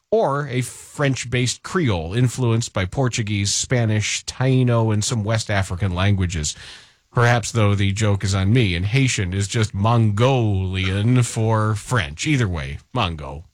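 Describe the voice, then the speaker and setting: A man's voice: lowish voice, expressive, measured pace, dry recording. Dry-voiced sarcastic radio host man. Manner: dry mocking delivery with rhetorical asides. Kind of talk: sarcastic radio segment reading listener submissions.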